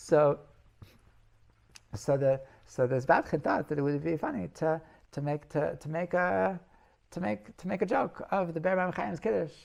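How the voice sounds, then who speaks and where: A man's voice: fairly high pitch, animated, a little slow, vocal fry, pauses often, darkish tone. A male rabbi telling stories in a class, rambling, restarting phrases and laughing at his own tales. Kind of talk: storytelling Torah class.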